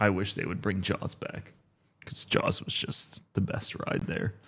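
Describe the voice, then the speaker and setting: A man in his thirties co-hosting a podcast in casual chat, relaxed and halting, with many fillers. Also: sits low, breathy edge. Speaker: podcast co-host.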